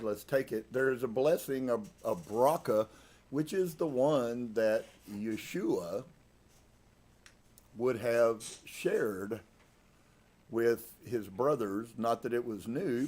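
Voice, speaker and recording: A man leading a live-streamed Sabbath service, preaching in a conversational way with many restarts and sudden shifts in emphasis. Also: mid-range voice. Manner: conversational, with frequent restarts and emphatic swings in loudness. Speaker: congregation leader. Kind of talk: casual live-streamed sermon.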